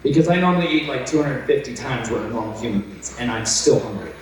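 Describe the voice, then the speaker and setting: Intense male preacher, lively swooping delivery, heard far off in a very echoey hall. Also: medium pitch, quick pace. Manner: intense, excitable, bursts into shouts. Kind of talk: storytelling sermon.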